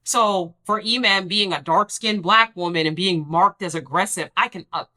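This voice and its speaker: A woman's voice: on the low side, moderate pace, sharp tone. A young woman hosting a reality TV recap, talking emphatically and sassily and acting out the people she quotes. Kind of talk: casual recap commentary.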